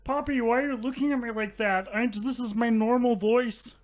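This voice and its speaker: A man doing a comic impression of a rambling middle-aged male pundit, in a nasal, froggy voice with a halting, self-important delivery. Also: very high-pitched, steady tone, voice pushed up. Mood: mock-solemn.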